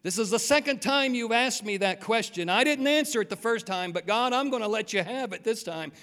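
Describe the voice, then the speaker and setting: A man's voice: high voice, lively intonation, slow pace, pushed and bright, heavily acted. A preacher acting out an angry, defiant man arguing with God. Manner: heated, insistent. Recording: long hall reverb.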